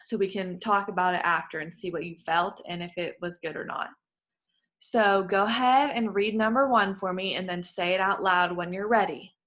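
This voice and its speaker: A woman's voice: medium pitch, steady tone, normal speed, a bit bright. A woman working as a voice clinician, giving patient, encouraging step-by-step instructions in a therapy session.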